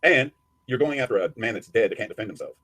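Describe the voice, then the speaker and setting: A man's voice: lowish voice, expressive, quick pace, a bit bright, no room sound. A man giving a crude, taunting rant as a streamer answering a critic. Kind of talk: profane ranting commentary.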